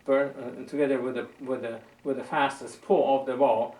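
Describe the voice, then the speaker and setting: A man's voice: mid-range voice, fairly even intonation, moderate pace, darkish tone. A man teaching a violin lesson, patiently coaching and often repeating words as he searches for the right phrasing. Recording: roomy sound from a distant mic.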